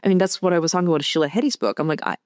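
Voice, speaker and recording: A woman film director speaking as a guest in a casual interview, thinking aloud in a halting way with many restarts. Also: on the low side, darkish tone, no echo, studio quality. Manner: thoughtful, halting, full of "like" and restarts.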